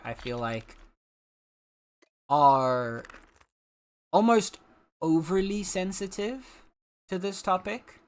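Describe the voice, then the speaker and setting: South African man, chatty and rambling. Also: a little high. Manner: rambling, many filler words and restarts. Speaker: streamer. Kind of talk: casual opinion chat while gaming.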